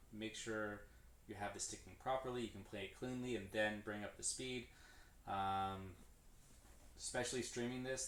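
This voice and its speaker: A man explaining drum stickings in a loose, rambling way as he practices on a stream, correcting himself and counting hands aloud. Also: lowish voice. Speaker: drummer streaming his practice. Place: room with a drum kit. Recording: echoey room, distant mic, clear background noise.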